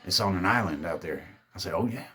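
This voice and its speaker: A man's voice: low voice, animated, quick pace, pushed and bright, breathy edge. A man telling a spooky party story in a laid-back, drawling, heavily profane way, acting out his friends' lines. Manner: laid-back, drawling, swears a lot, acts out quoted friends.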